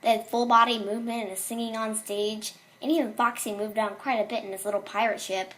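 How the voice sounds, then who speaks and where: A woman's voice: fairly high pitch, steady tone, fairly quick, fairly bright tone. A woman reading a horror story aloud in a casual way, with small slips and restarts.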